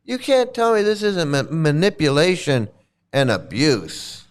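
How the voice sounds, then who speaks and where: A man's voice: a little high, huge pitch swings, a little slow, smooth. A man hosting a casual reaction commentary, blunt and mocking, who swears freely and repeats his points. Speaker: channel host commenting on a livestream.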